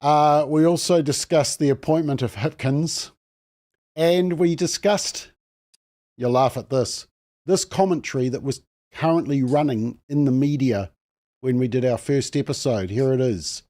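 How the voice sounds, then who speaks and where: A man's voice: mid-range voice, measured pace, mellow. A man hosting a panel show, chatty and self-mocking, with lots of fillers. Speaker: host.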